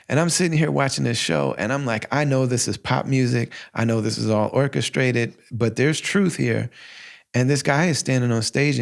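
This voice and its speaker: A podcast host in his forties shares a personal story in a casual, heartfelt way, frequently quoting himself in lively asides. His voice is medium-pitched and creaky.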